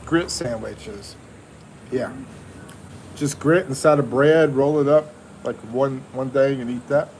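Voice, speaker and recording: A Texan man from the USA hosts a livestream from his home kitchen, chatting in a laid-back way, chuckling and reading viewer comments. His voice is medium-pitched and darkish, slow with long pauses, and the poor audio carries a little hiss or hum.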